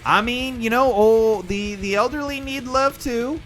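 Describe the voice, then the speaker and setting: This young livestream host chats casually with his viewers, telling an animated story and performing the characters' voices. He speaks with a very high voice at a measured pace, with faint music in the background.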